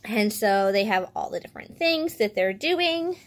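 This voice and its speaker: A woman reviewing a children's picture book, reading pages aloud with expressive enthusiasm. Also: mid-range voice, moderate pace.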